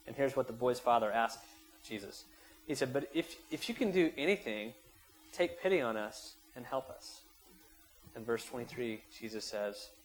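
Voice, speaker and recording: This rough recording captures a male pastor with a medium-pitched voice delivering a sermon to his congregation. He recounts a story from scripture and leads prayer with mounting intensity, getting loud whenever he speaks prayers or quotations.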